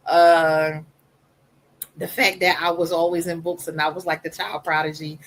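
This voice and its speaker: A woman with a soft voice, speaking candidly on a podcast and telling her stories in an animated way that slips into quoted voices. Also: on the low side, normal speed, slight background noise.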